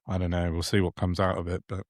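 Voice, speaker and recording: A man with a deep, low voice co-hosts a casual podcast. He rambles and restarts his sentences, sounding indignant about the news. The sound is dry and close. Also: completely flat delivery, fast talker, dry recording. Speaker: podcast co-host. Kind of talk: casual political chat.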